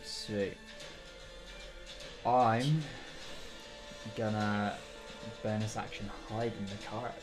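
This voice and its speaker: A man's voice: fairly low pitch, little pitch movement. A man playing a tabletop game, cheerful and jokey as he describes his rogue's moves. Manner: cheerful, jokey, quick "sweet"s. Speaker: player. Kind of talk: casual game talk. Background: music playing in the background.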